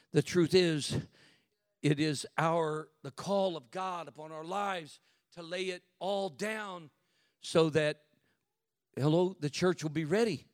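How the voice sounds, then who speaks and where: High-voiced preaching man, swinging to shouts. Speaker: pastor. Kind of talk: sermon.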